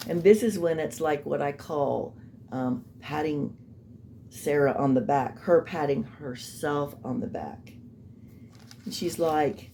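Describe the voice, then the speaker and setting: Woman, low and mellow voice, skeptical casual true-crime commentator. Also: measured pace, a little hiss or hum. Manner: skeptical, rambling, mocking asides.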